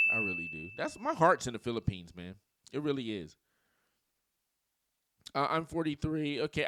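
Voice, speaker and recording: A man's voice: a little high, fairly bright tone, smooth. A man in his forties giving casual dating commentary, telling stories in slang and mimicking voices.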